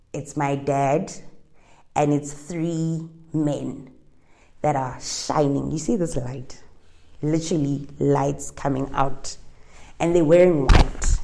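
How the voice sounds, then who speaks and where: A young South African woman, a Setswana speaker, tells a personal story as an interviewee, chatty and winding, slipping Setswana phrases into her English. Her voice is deep and mellow, with vocal fry.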